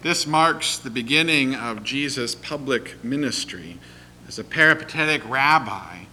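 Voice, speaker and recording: A man preaching a sermon, in measured, deliberate phrasing. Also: mid-range voice, expressive, bright, forceful tone, a little hiss or hum, poor audio. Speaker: pastor.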